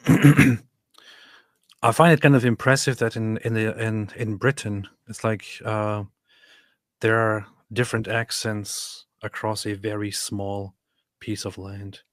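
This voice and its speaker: A man co-hosting a casual live stream, reading viewer comments aloud with quick asides. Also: on the low side, steady tone, no room sound, studio quality. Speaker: co-host reading chat.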